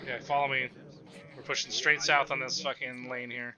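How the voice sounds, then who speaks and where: A man leading a fire team on a live stream, giving brisk clipped radio commands and swearing under stress. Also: medium pitch, level tone, lo-fi sound, very noisy.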